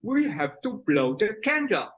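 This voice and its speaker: A woman's voice: mid-range voice, sing-song, a little slow, breathy edge, voice pushed up. A woman voicing an anxious mother in a children's breathing story, with an urgent, fretting delivery. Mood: worried.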